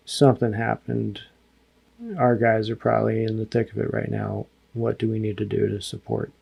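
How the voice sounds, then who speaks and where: An American man, a former army analyst, recalling combat in a sober interview, speaking haltingly with frequent restarts. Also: medium pitch, vocal fry, mellow. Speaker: podcast guest, former army intelligence analyst. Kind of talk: reflective interview recollection.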